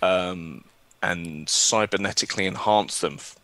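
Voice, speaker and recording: A man runs a tabletop role-playing session, narrating scenes with plenty of ums and pauses. His voice is fairly low but bright and forceful. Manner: hesitant, many ums, chuckles. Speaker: game master.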